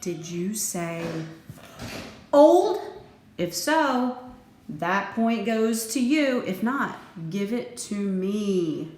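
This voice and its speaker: A woman teacher giving a recorded phonics lesson, slow and deliberate, playful, with sudden lively jumps in her voice. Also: medium pitch. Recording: echoey room with faint background noise.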